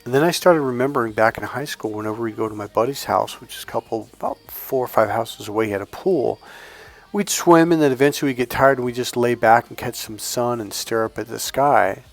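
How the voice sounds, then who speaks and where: A man in a casual storytelling monologue, talking slowly and calmly with the occasional blunt curse. His pitch sits in the middle range for a man. Soft music plays faintly behind him. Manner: deliberately slowed, calm delivery with blunt profanity. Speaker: dating coach.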